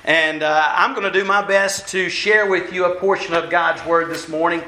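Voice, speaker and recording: A minister with a high, sharp-toned voice and fairly even intonation speaks at a normal speed, wandering about as he delivers a folksy, self-deprecating sermon. It's a conversational sermon recorded in an echoey church hall.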